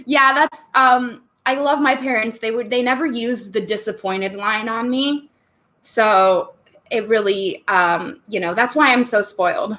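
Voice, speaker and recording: A woman's voice: a little high, takes it slowly, pauses often, fairly bright tone. A woman hosting a casual livestream from a room at home, chatty and bubbly, laughing often between thoughts. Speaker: livestream host.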